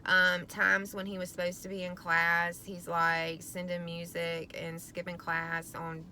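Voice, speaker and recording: A woman's voice: on the low side, completely flat delivery, a little slow, bright, forceful tone, slight background noise. A middle-aged woman venting to camera about her teenage son, frustrated, swearing often and rambling with lots of ums. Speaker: vlogger, parent of a teenager.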